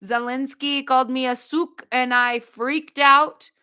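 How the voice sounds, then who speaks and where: A woman doing an impression of a boastful male president, bragging slowly and smugly about himself. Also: high-pitched, steady tone, pushed and bright, clean tone.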